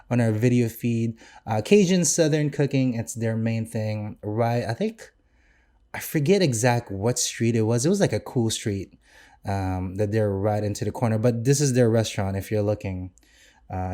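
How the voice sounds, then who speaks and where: A man's voice: fairly low pitch, moderate pace, dark tone. A young man, a chef co-hosting a podcast, talking casually and enthusiastically with lots of fillers and restarts.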